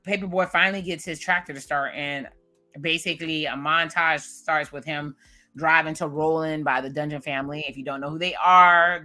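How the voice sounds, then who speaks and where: A woman's voice: sits low, bright, forceful tone. A woman in her late thirties casually recapping a TV episode, animatedly acting out her own reactions to the scenes. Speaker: TV recap vlogger.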